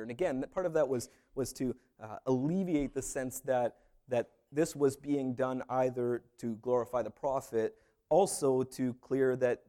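A pastor with a medium-pitched, dark-toned voice preaches a casual sermon. He talks through a Bible story conversationally, filling it with jokey asides and lots of fillers.

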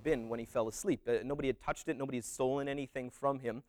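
A man retelling a parable as a story in a relaxed, rambling way, with many fillers and restarts. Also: mid-range voice, quick pace, few pauses, faint music behind.

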